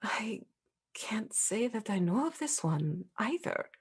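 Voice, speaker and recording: Spectral young woman, trapped, wistful, husky, soft at times, played by a woman. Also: medium pitch, measured pace. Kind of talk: in-character tabletop role-play.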